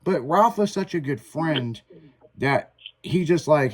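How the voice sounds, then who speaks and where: A man's voice: a little high, slow pace. A man hosting a radio show, telling crude stories in a casual, profane way. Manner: profane, animated storytelling with laughs. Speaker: radio host. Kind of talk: casual storytelling banter.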